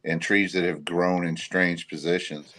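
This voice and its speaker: Deep-voiced, hesitant male guest. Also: level tone, unhurried, a bit bright. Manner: hesitant, thoughtful. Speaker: podcast guest, investigator. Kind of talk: casual interview chat.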